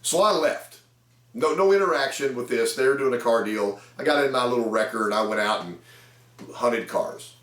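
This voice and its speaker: A man's voice: mid-range voice, lively intonation, moderate pace, fairly bright tone, far from the mic. A man in his fifties, a sales trainer, telling folksy anecdotes about selling cars, talking to camera. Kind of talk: storytelling talk to camera. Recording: echoey room.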